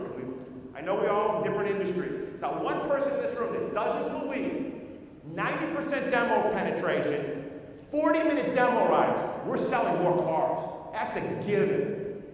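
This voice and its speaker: A man giving a keynote talk at a conference, telling a story and firing rhetorical questions at the audience. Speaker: conference speaker. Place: large conference hall. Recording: echoey hall recorded from far off, faint rumble.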